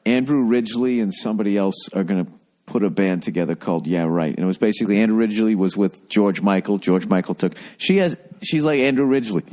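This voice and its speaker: A middle-aged man co-hosting a podcast, chatting casually in a profane, animated ranting way. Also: fairly low pitch, quick pace. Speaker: podcast co-host. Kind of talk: casual chat.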